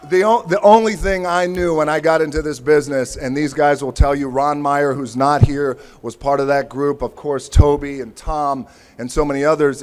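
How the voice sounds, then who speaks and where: At an outdoor ceremony, an American man in his forties gives an unscripted acceptance speech as the honoree, his voice a little high for a man. He thanks people one at a time and slips in playful, self-mocking jokes.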